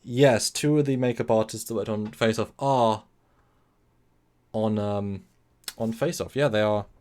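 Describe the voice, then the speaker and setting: A man's voice: on the low side, steady tone, measured pace, darkish tone. A man hosting a casual live stream, rambling, correcting himself and answering chat messages. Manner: rambling, self-correcting, reads chat aloud.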